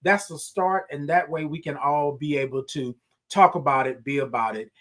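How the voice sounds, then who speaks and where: Animated high-voiced man hosting a morning chat. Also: moderate pace. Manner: animated, preacher-like, repeats phrases. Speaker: host. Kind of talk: live morning show chat reading comments.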